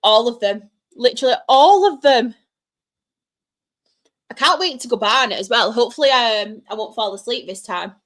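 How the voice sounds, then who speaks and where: A woman's voice: on the high side, brisk, few pauses, bright, forceful tone. A young woman hosting a casual live Q&A stream, chatting, greeting viewers by name and laughing often. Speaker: live stream host reading chat.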